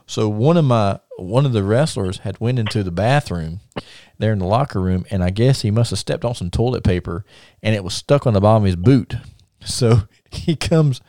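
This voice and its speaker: A man's voice: lowish voice, dark tone, dry recording, studio quality. A man hosting a podcast, telling stories casually in a rambling way, repeating words and laughing at his own tales. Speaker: podcast host and wrestling promoter. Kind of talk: casual storytelling.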